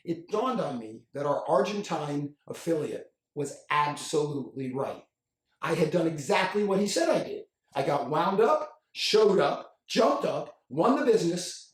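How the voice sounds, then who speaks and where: A man giving a storytelling talk as a speaker and author, acting out the dialogue in an animated way. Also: a little high. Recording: roomy echo, mic at a distance.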